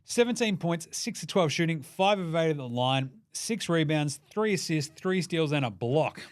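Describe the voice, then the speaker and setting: A man with an Australian accent hosting a sports show, excitable and sweary, cracking jokes. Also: a little high, normal speed. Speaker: podcast host. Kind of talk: energetic sports commentary.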